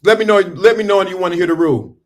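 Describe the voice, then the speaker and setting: A man's voice: sits high, rapid-fire. A middle-aged man giving a preachy, emphatic talk to viewers on a livestream, breaking off and restarting while he dresses. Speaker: livestream host. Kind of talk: casual motivational livestream talk. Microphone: phone or camera on a stand.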